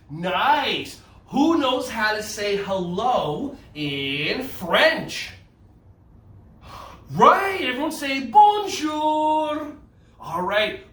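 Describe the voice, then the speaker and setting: A man's voice: high voice, a bit bright, echoey room, distant mic. A man from New Jersey with a New Jersey accent, leading a playful children's yoga class indoors and cheering the kids on. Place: indoor room.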